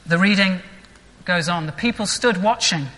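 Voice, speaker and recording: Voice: medium pitch, moderate pace, a bit bright. A vicar preaching a sermon in an earnest, reflective way, asking rhetorical questions. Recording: long echoing church reverb.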